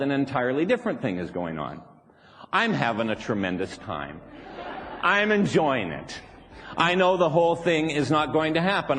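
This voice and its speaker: A man's voice: a little high, a bit bright, a little hiss or hum. A man giving a playful live seminar talk, often laughing and acting out what people say. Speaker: seminar speaker. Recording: long reverb of a hall.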